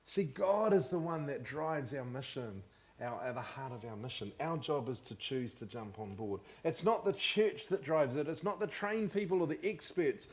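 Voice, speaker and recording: A man's voice: medium pitch, normal speed. A man preaching a sermon as pastor, often asking the congregation questions. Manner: animated, asks the congregation questions.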